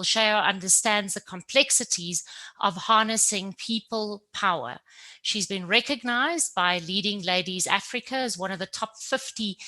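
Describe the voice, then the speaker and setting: Woman hosting a panel, bright clear voice, lots of ums, earnest. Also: mid-range voice. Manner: earnest, with frequent ums and uhs. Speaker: panel moderator and course facilitator. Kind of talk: webinar moderation.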